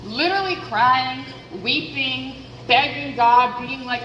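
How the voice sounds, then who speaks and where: A woman's voice: on the high side, a little slow, long pauses, fairly bright tone, reverberant, long reverb tail, a little hiss or hum, low-quality recording. A woman vlogging into a headset mic, rambling candidly and poking fun at herself as she thinks aloud. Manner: chatty, self-deprecating, thinks aloud.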